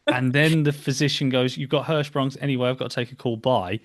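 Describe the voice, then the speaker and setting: A man hosting a podcast, responding with sympathy in halting sentences that repeat words. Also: medium pitch, fairly even intonation. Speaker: podcast host. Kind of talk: interview chat.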